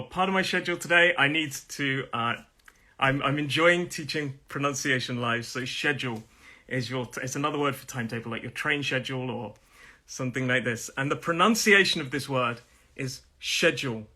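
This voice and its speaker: Man, Nottingham accent, very bright voice, slightly high, live pronunciation lesson, repeats words for learners. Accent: Nottingham English. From Nottingham, England. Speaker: pronunciation teacher.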